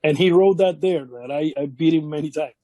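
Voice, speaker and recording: Over crowd noise, a wrestling veteran with a high voice tells stories in a casual shoot interview. He's halting, repeats words and acts out quotes from others.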